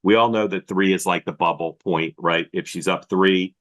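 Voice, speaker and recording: A male political analyst with a deep, low voice lays out polling numbers on a talk program. He speaks in a measured, explanatory way, walking through his points one at a time. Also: fairly even intonation, fairly bright tone.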